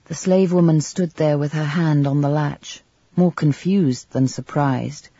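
A man narrating a literary novel in a measured, even storytelling manner, on a slightly dull, dry recording. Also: a little high, breathy edge, no room sound. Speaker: audiobook narrator.

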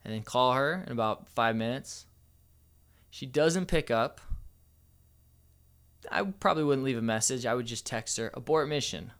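A man's voice: mid-range voice, lively intonation, a little slow, pauses often, a bit bright, smooth. A man giving casual, playful dating advice as a coach, with a slightly cocky manner.

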